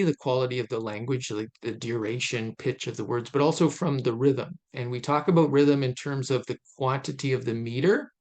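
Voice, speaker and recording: Unhurried man lecturing on poetry. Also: mid-range voice, darkish tone. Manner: thoughtful, many fillers and restarts, slows to stress syllables. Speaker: literature lecturer. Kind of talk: informal recorded lecture over slides.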